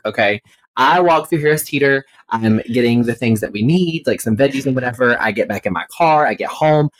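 Woman cohost, animated storyteller, lots of likes, dry close sound. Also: very deep voice, no room sound, poor audio. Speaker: podcast co-host. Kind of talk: casual chat, storytelling.

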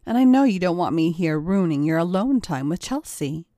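A woman voicing a smug, domineering woman who taunts and gives orders with a slow, purring delivery. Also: lowish voice, expressive, warm tone, no room sound, clean studio sound, lightly acted. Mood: commanding.

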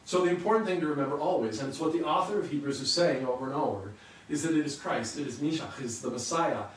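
A man's voice: on the high side, quick pace, recorded from a distance. Preaching man in an echoey room. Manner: earnest teaching with rhetorical questions. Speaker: pastor. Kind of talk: sermon.

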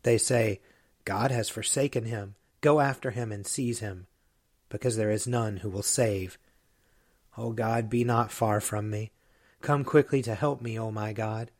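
Man slowly reciting a psalm. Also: on the low side, steady tone, no room sound, studio quality. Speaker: priest reading the psalm. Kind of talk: measured liturgical reading.

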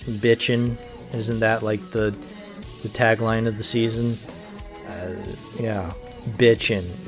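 A man's voice: on the low side, flat delivery, slow pace, long pauses, music in the background. A man hosting his own podcast alone, talking casually and sardonically with lots of fillers and restarts. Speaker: podcast host. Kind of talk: casual solo podcast talk.

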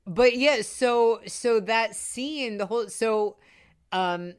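A woman in casual conversation about a film, chatty and animated, with lots of fillers and asides. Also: on the high side, slow, clean tone. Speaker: podcast co-host discussing a film. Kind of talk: casual chat.

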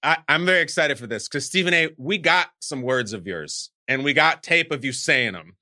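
Bright-voiced playful quiz host, man. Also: on the high side, expressive, normal speed. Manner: playful, teasing quizmaster. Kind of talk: quiz-style interview hosting.

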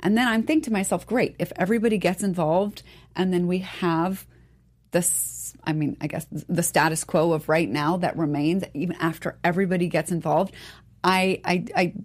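A woman in a casual political talk, earnest and halting, searching for her words. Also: fairly low pitch, fairly even intonation.

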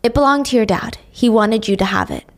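A woman voicing a cold, stern grandmother in her seventies who speaks in flat, curt lines. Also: fairly high pitch, a little fast.

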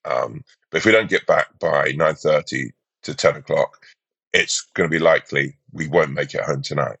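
A man doing a weary airline captain who apologizes over the intercom, hesitant and full of drawn-out ums. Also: rumbling low, gravelly, fairly bright tone, husky, no echo, voice pushed down, exaggerated voice. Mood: apologetic.

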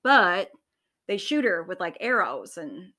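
Woman book reviewer, casual profane chat, bright voice. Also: lowish voice, takes it slowly. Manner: profane, animated retelling with acted-out quotes.

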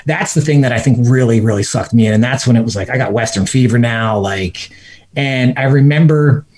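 A man's voice: medium pitch, a little fast, slightly rough. Podcast guest, male, loose chatty storyteller who keeps slipping into quoted voices and laughter. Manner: animated, laughs mid-story, acts out his own quotes. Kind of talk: casual storytelling.

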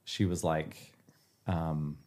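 A man joking deadpan as a podcast co-host, swearing casually in loose chat. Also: extremely low pitch, drawn-out words. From Iowa.

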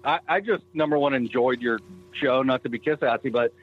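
A man's voice: medium pitch, a little fast, narrow, tinny audio, a little hiss or hum. A man from Boston, a guest on a podcast, telling stories animatedly and swearing freely in casual chat. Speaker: guest, show creator.

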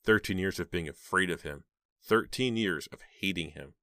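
A man narrating an audiobook in a steady, measured storytelling manner. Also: sits low, dry recording, studio quality.

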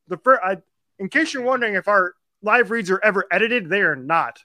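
Bright, high-pitched man, podcast host, auctioneer-fast ad delivery. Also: lively intonation, no echo, clean studio sound. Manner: rapid auctioneer-style ad reading. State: out of breath after the read. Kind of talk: live ad read and casual chat.

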